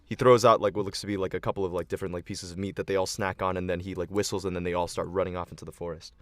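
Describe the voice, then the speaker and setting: A man's voice: low-pitched, level tone, racing, few pauses, fairly bright tone, no echo. Laid-back man narrating a game. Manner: loose, filler-heavy narration. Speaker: game master.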